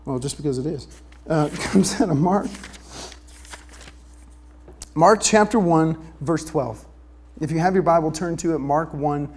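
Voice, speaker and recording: A man's voice: a little high, a little mellow. A man preaching a sermon, joking with the congregation and asking them for a show of hands. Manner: asks the audience for a show of hands. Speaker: pastor.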